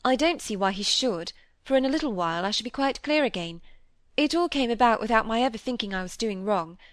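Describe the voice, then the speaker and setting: A woman's voice: fairly high pitch, lively intonation, fairly quick, dry recording, close to an everyday voice. Woman reading a troubled, secretive young lady.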